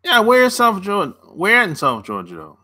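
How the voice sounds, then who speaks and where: A man's voice: high-pitched, wildly swooping pitch, normal speed, bright, forceful tone. A man coaching on dating in a casual livestream, laid-back, chuckling often and answering viewers' chat by name.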